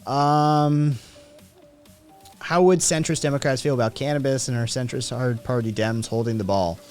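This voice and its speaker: A man hosts a casual livestream in a medium-pitched, darkish voice with fairly even intonation at normal speed, faint music playing behind him. He reads statistics and chat messages aloud, reacting with profane, sardonic remarks.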